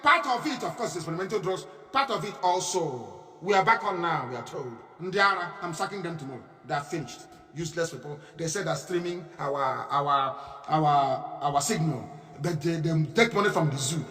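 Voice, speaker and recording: High-voiced Nigerian man, echoey and distant. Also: expressive, moderate pace, pushed and bright. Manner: emphatic, mocking, repeats phrases. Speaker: radio broadcaster. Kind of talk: live radio broadcast monologue. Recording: echoey distant room with faint music.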